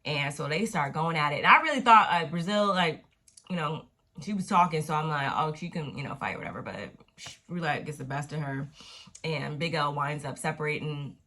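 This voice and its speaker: A woman with a slightly low voice talks through a TV episode in a loose, chatty way. She is slangy and profane, and she acts out the scenes as she retells them. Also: moderate pace, pushed and bright. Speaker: TV recap vlogger. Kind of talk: casual episode recap.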